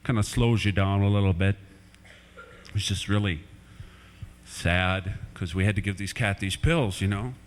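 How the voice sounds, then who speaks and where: A man's voice: lowish voice, a little slow, long pauses. A man doing playful family stand-up comedy in a church hall, chatting with kids in the crowd, on an old VHS recording.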